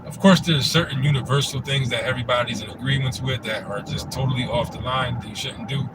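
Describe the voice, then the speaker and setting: A man's voice: medium pitch, quick pace, background noise. A man in a casual commentary monologue, laid-back and rambling, with the loose phrasing of a host talking to his channel. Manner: laid-back, rambling, frequent "you know what I'm saying".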